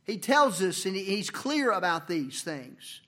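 Male preacher, high-pitched, dynamic delivery with big loud-to-soft swings. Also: very animated, measured pace. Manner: preaching with sharp swings from loud emphasis to near-murmurs. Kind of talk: sermon. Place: church.

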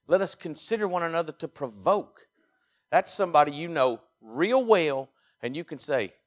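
Mississippi preacher delivering an emphatic sermon. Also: male voice, medium pitch, vocal fry. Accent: Southern US, Mississippi. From Mississippi, USA. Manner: emphatic preaching, swinging from quiet asides to loud exhortation. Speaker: pastor.

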